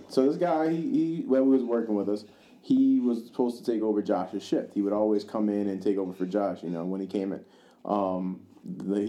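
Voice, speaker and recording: A man's voice: on the low side, dark tone. A man co-hosting a podcast, telling casual rambling stories, swearing freely and acting out the voices of people in them. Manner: swears freely and acts out quoted dialogue in his stories; rambling, with many fillers and restarts. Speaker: podcast co-host. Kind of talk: casual storytelling chat.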